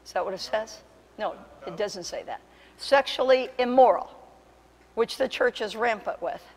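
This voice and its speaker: A woman pastor preaching a sermon with impassioned, emphatic delivery that surges to loud peaks. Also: mid-range voice, normal speed, husky, in a large hall. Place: church sanctuary.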